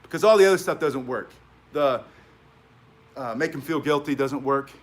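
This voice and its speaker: A man's voice: medium pitch, moderate pace. A middle-aged man teaching self-defense, talking casually with chatty asides and frequent "right?" tags. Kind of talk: casual instructional talk.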